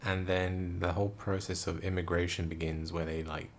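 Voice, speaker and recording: A tired young man, quietly rambling through a casual story late at night in a vlog. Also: low-pitched, little pitch movement, moderate pace, a little hiss or hum. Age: young adult. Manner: hushed, quiet, rambling talk. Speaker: vlogger. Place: room indoors at night.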